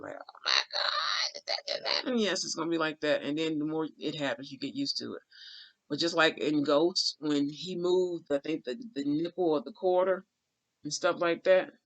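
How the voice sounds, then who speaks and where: A man's voice: fairly high pitch, fairly bright tone. A man telling a rambling, heartfelt spiritual story in casual vlog talk, full of restarts and folksy asides. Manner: colloquial, drawling asides like "child" and "honey". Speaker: spiritual channeler.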